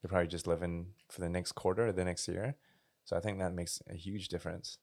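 A man co-hosting a casual podcast chat, calm and reflective. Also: deep voice, fast. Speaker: podcast co-host.

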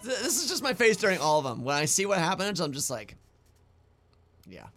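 A young man co-hosting a podcast, telling stories in a profane, excitable way while reacting to videos. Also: high voice, fairly quick, soft background music. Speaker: podcast co-host. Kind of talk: casual chat reacting to videos.

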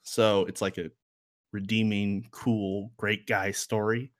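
Laid-back low-voiced man chatting about songs. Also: little pitch movement, slow. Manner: rambling, filler-heavy, wry. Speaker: music podcast co-host. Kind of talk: casual music review chat.

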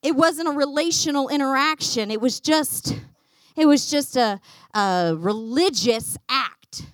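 A woman teaching a Bible lesson to a congregation, animated and acting out the quotes. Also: sits high, a little slow, no echo. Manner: animated, acts out quotes, laughs often.

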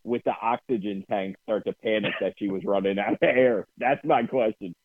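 A man's voice: fairly low pitch, brisk, dry recording. A man with a New Jersey accent co-hosting a casual podcast, telling profane, ranting stories. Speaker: podcast co-host. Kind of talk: casual chat. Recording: dry tinny phone-like sound.

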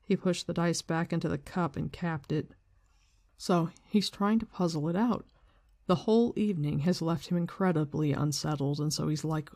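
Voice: medium pitch, moderate pace, a little mellow, dry recording. Casual, swearing book-discussion host. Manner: casual, swears, slangy retelling. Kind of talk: casual book discussion with read-aloud passages.

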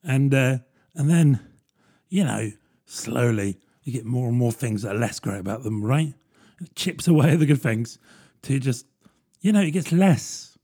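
Husky man rambling on his podcast. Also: medium pitch, expressive, measured pace, mellow. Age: 30s. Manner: rambling, self-deprecating, lots of fillers. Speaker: podcast host. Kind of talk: casual solo podcast monologue.

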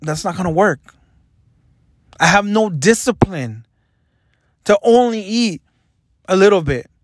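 A young man with a notably high voice speaks in a candid, reflective confessional vlog. He is earnest and hard on himself. The sound is dry and close, with no room around him. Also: animated, a little slow, dry recording. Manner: earnest, self-critical, reflective. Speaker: vlogger.

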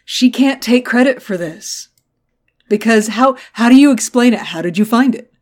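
A woman co-hosting a podcast who recaps a TV episode in a casual, animated way, swears freely and acts out the quotes. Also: on the high side, normal speed. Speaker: podcast co-host.

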